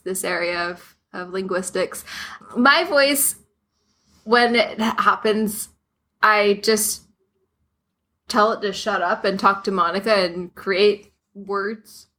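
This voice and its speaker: Bright-voiced wry woman on a podcast. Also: medium pitch. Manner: wry, laughs easily. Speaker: podcast guest. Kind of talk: casual podcast chat.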